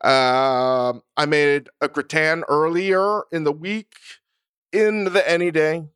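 Male podcast co-host, profane and self-mocking, bright smooth voice, dry studio sound. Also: a little high, steady tone, slow, dry recording. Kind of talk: casual chat.

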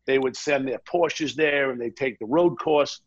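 A man telling a long anecdote in a casual chat, animated and often quoting the people in his story. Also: mid-range voice, a little slow, breathy edge, muffled recording. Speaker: guest.

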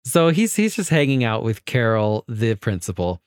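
A man's voice: mid-range voice, sing-song, normal speed, clear, resonant tone, no echo. A man with a middling voice, recorded close and dry, banters on a podcast about a film. He rambles loosely, giggles often and keeps adding to the gag theory. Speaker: podcast co-host. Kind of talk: casual chat, joking movie analysis.

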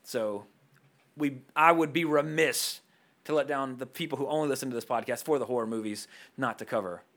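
A man hosting a casual podcast chat, joking and animated. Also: medium pitch. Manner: animated, joking, talks quickly. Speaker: podcast host.

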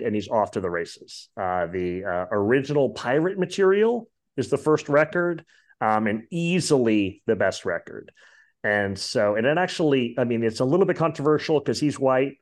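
A man hosting a podcast, chatting casually about music in a rambling way with lots of fillers. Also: medium pitch. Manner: rambling, many fillers and asides. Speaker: podcast host.

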